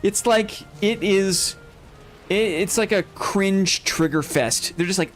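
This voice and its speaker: Male streamer, high voice, rambling casual chat, laughs a lot. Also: slow pace, soft background music. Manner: rambling, self-interrupting, laughs often. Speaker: streamer host. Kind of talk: casual chat while gaming, reading chat.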